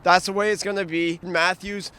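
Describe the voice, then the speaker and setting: A man co-hosting a casual sports podcast outdoors, relaxed and upbeat. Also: high-pitched, normal speed. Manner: relaxed, upbeat fan talk. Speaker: podcast co-host. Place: outdoors by the street.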